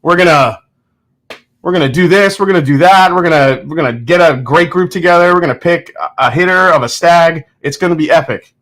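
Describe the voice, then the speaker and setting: A man's voice: fairly high pitch, fairly quick, a bit bright. Chatty man rambling casually. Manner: rambling, chatty storytelling with frequent restarts and laughs. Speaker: host. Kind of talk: casual chat.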